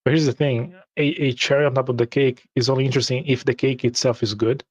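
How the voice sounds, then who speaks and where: A man's voice: mid-range voice, steady tone, fast, no room sound. A man from Brazil chatting eagerly about role-playing games, often repeating words.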